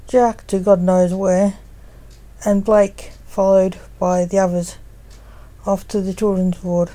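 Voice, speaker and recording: A woman reading a fan story aloud in a steady, even storytelling manner. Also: mid-range voice, slow, low-quality recording. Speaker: story reader.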